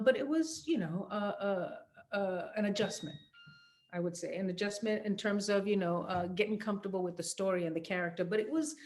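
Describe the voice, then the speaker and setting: A middle-aged woman answering interview questions about her acting work, talking casually with many fillers and restarts, and laughing easily. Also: medium pitch. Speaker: actress being interviewed.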